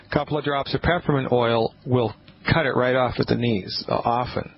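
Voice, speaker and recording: A man's voice: medium pitch, steady tone, moderate pace, gravelly. A man hosting a radio call-in show, talking casually and emphatically, often restarting his sentences. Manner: emphatic, rambling, with frequent restarts. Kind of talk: casual call-in advice talk. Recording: muffled lo-fi radio broadcast with faint hiss.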